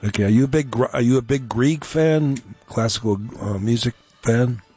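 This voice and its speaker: A man's voice: medium pitch, normal speed, darkish tone, husky. A man hosting a call-in radio show, chatty and joking, rambling easily. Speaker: radio host. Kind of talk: casual call-in chat. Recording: dry studio mic, faint music.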